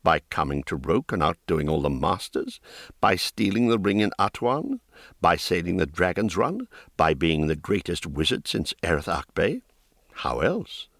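A man's voice: deep voice, big pitch swings, measured pace, fairly bright tone, no room sound, studio quality, exaggerated voice. A man voicing a cocky, gossipy young male wizard student who talks in a chatty, offhand way.

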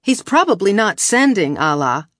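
A woman's voice: medium pitch, very animated, moderate pace, fairly bright tone, no room sound, clean studio sound. A woman voicing an earnest alien colonist arguing a point.

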